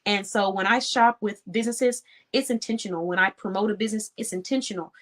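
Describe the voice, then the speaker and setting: A woman's voice: medium pitch, steady tone, fairly quick, fairly bright tone. A woman hosting an online show, giving an earnest, encouraging talk to small business owners in a casual, conversational way. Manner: earnest, encouraging, laughs easily. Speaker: host.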